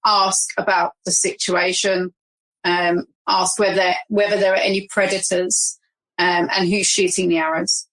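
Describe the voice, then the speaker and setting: A woman's voice: fairly low pitch, flat delivery, measured pace, a bit bright, low-quality recording. A woman playing in an improvised tabletop game, casual and playful, hesitating with frequent ums. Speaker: player.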